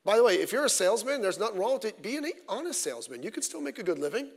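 A middle-aged male pastor delivers a sermon in a fairly high voice, animated and punchy, tossing out rhetorical questions and dry asides. The sound carries a long reverb from a church sanctuary. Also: rapid-fire, vocal fry.

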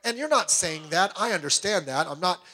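A man with a high, light voice preaches a sermon. He talks with strong emphasis and keeps firing rhetorical questions at the congregation. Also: expressive, fairly quick, pushed and bright. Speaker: pastor.

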